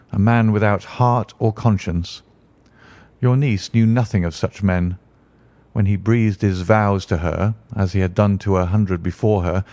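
A man voicing a calm, stern detective who explains in a measured way. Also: fairly low pitch, no echo, pitched below the performer's own voice, natural voice.

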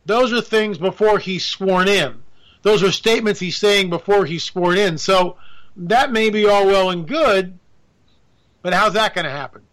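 A man's voice: high voice, unhurried, a bit bright, low-quality recording. A man giving a rambling, sarcastic political monologue, now and then mimicking politicians. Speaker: political commentator. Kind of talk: casual monologue.

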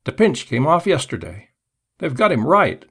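A man's voice: fairly high pitch, sing-song, normal speed, fairly bright tone, slightly rough, pitched above the performer's own voice, heavily acted. A man voicing a haggard, fawning opium-den keeper who talks hesitantly and wheedles. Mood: wheedling.

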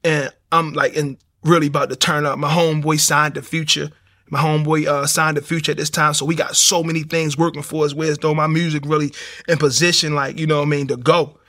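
A man telling his personal testimony in an animated street style, acting out the voices. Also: a little high, fairly quick. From Baltimore, USA. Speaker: speaker giving a testimony.

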